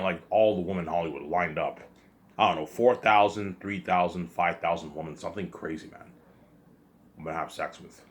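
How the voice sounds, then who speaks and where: A man delivering an agitated, repetitive, accusing rant straight to camera. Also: sits low. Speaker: vlogger. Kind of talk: ranting monologue to camera.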